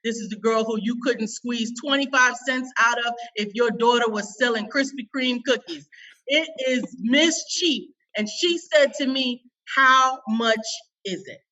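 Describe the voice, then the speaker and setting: A woman with a bright voice tells a personal story as a podcast guest, emphatic and folksy, with plenty of feeling. She sits back from the mic, and the recording sounds dull and lo-fi. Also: a little high, measured pace, distant mic. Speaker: business coach guest.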